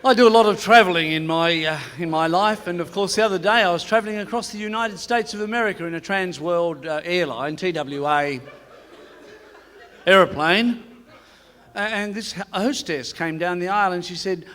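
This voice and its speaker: A man's voice: high voice, normal speed, fairly bright tone. A male comedian telling cheeky one-liner jokes on a theatre stage. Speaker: stand-up comedian. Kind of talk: live stand-up joke telling. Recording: long theatre reverb.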